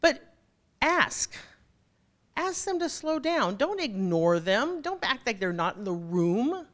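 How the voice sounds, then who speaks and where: A woman delivers a motivational keynote and talks directly to her listeners. Her pitch swings widely, rising and dropping as she drives each point home. She is playful and jokey along the way. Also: takes it slowly. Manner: animated, jokey, addresses audience directly. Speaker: keynote speaker.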